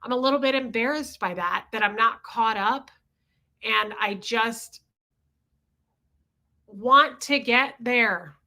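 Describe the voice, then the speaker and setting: A woman's voice: on the high side, takes it slowly, long pauses, bright, forceful tone. A woman in her forties hosting a livestream, talking candidly and confessionally while greeting viewers in the chat, with casual swearing. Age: 40s. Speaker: livestream host reading chat.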